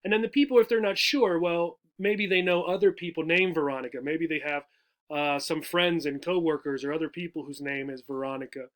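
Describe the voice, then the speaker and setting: Male teacher, high-pitched, patient explainer, keeps asking "right?", lesson for English learners. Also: steady tone, fairly quick, fairly bright tone. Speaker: adult education teacher.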